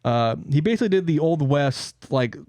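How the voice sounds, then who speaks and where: A man's voice: on the high side, lively intonation, moderate pace, a little mellow, no echo. A man hosting a podcast, telling a story in casual chat, laughing often, swearing and joking around.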